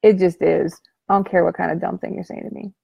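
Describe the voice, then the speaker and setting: A woman talks straight to the camera in a motivational coaching talk, loose and joking, full of slang. Her voice is mellow with a gravelly edge. The sound is close and dry. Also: fairly low pitch, level tone, quick pace, no room sound. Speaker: life coach.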